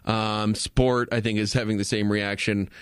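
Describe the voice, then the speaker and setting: A man's voice: lowish voice, flat delivery, moderate pace, smooth, dry recording. Male radio co-host, easygoing banter, reads texts, dry close studio sound. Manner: laughs often, reads listener texts. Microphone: studio microphone.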